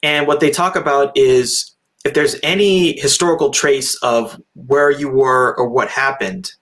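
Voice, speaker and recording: A man's voice: medium pitch, unhurried, fairly bright tone. A man co-hosting a film review podcast, joking casually and laughing at his own points. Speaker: podcast co-host.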